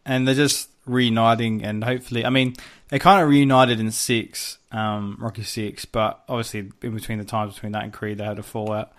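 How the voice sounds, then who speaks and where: A man's voice: on the low side, flat delivery, a little fast, hardly any pauses. A man co-hosting a podcast in casual chat, recapping a film in a rambling way with restarts and casual swearing. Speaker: podcast co-host.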